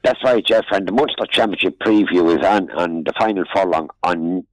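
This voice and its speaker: A man's voice: low-pitched, normal speed, no room sound, low-quality recording. An older Irish man chatting on local radio in a rambling, folksy way, often calling the host "friend". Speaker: regular radio contributor. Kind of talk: casual local news chat. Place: radio studio or phone-in.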